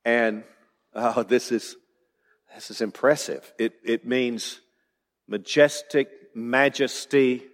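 A man's voice: mid-range voice, fairly even intonation, takes it slowly. Emphatic male preacher in a reverberant hall. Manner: emphatic, building to rising declarations. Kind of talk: expository sermon.

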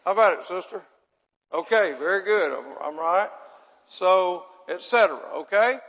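At a normal speed, a man whose voice sits high with a fairly bright tone gives a folksy, chatty sermon. He quizzes his listeners and makes fun of himself, all under long hall reverb.

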